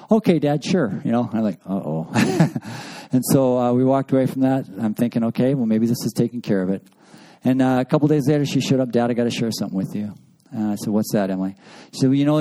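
A middle-aged man speaks to a room of men in an earnest, conversational way, slipping into family dialogue as he tells his stories. His voice is deeply dark and mellow, sitting at an ordinary pitch. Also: rough recording. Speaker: speaker at a men's family session. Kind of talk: conference talk to men.

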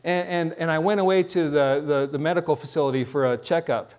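A middle-aged man preaching a sermon, his voice sitting a little high for a man. He tells stories with energy and often stumbles into restarts and repeated words as he goes. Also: brisk. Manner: animated storytelling with frequent restarts and repeated words. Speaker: pastor.

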